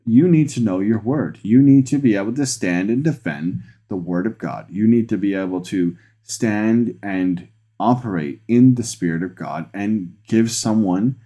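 Preaching with earnest conviction, this pastor and podcast host restarts phrases and grows excited when he drives a point home. He speaks in an unhurried, low, slightly rough voice.

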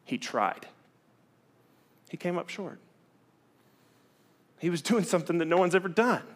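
A middle-aged man, preaching a sermon in a candid, conversational way that swings from loud to hushed. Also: high voice, lively intonation, unhurried. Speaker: pastor.

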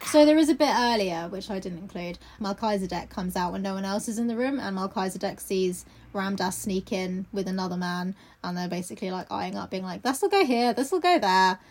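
A woman reading a classic novel aloud on a podcast, then breaking off into casual, expressive chat that is full of swearing and laughs. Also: mid-range voice, fairly quick, few pauses, a little hiss or hum.

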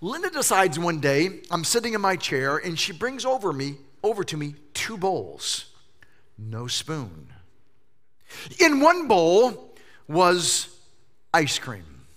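A male pastor preaching a sermon, telling funny stories in an animated way. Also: high voice, takes it slowly. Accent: Southern US. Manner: animated storytelling with jokes.

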